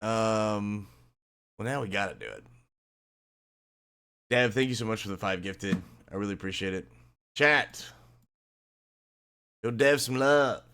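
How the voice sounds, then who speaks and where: Guy streamer chatting w his chat, kinda low gravelly voice, joking around. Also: a little slow, pauses often, fairly bright tone. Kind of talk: casual live-stream chat.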